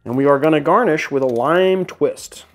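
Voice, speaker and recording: A man's voice: fairly high pitch, normal speed, faint music behind. Chatty man hosting a cocktail demo. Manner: chatty, self-deprecating, rambling asides. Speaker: bartender host. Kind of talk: casual how-to cocktail demo. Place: home bar studio.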